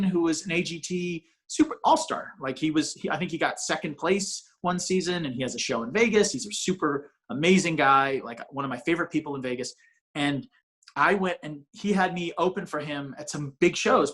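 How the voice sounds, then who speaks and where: A man's voice: a little high, a bit bright. A man, a comedian guest, talking casually on a podcast in a rambling way with many restarts. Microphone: ring light setup, home video call.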